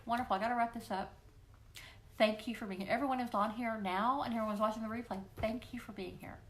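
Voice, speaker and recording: This is a woman hosting a weekly live stream of viewer questions, casual and encouraging in tone, who playfully acts out the voices she quotes. Her pitch is medium, and slight background noise comes through her livestream computer microphone.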